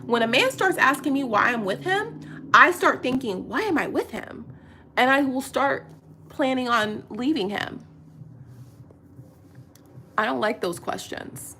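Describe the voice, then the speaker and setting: A woman in her thirties chatting casually on camera, retelling a story in an animated, exasperated way, quoting what people said. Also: high-pitched, a little slow, pauses often, slight background noise. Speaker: vlogger.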